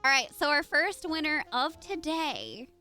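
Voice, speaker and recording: Bubbly high-voiced woman streamer. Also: sing-song, a little slow, pushed and bright, soft background music. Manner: bubbly, greets chat members by name. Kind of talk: casual live-stream chat.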